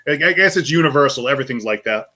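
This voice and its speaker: A man with a thick Boston accent co-hosts a live whiskey show, chatting loosely and spinning animated stories. His voice is bright and forward, with a middling pitch. He jumps into quick asides as he goes. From Boston area. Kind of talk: casual chat.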